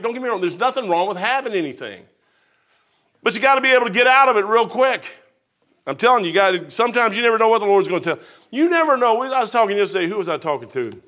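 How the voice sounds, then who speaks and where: A middle-aged preacher man with a high, bright voice, spinning a folksy sermon story. His grammar is casual and homespun, and he talks with lively animation, sometimes dropping low and sometimes rising.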